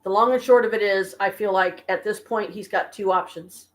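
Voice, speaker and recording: A worn-out woman talks to her viewers from her apartment in a casual live stream. She vents slowly and haltingly, with pauses and restarts. Her voice sits at an ordinary middle pitch. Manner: weary, venting, slow and halting. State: exhausted and stressed. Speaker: vlogger talking to viewers. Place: home apartment.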